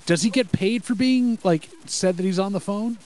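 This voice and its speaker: A man's voice: high voice, moderate pace, a little mellow, rough recording. Wry man co-hosting a podcast. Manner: wry, storytelling, dry asides. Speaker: podcast co-host. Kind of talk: casual live-react chat.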